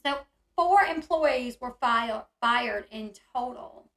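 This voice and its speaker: A woman's voice: fairly high pitch, lively intonation, slow pace, a bit bright, roomy sound. A woman hosting a live online discussion, reacting with indignation and answering viewers' comments. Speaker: channel host reading chat and commenting.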